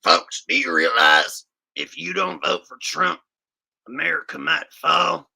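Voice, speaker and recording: A man doing a comedic impression of a ranting, gravelly male conspiracy show host who shouts and fake-sobs. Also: a little high, sing-song, unhurried, exaggerated voice. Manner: bellowing, exaggerated fake crying.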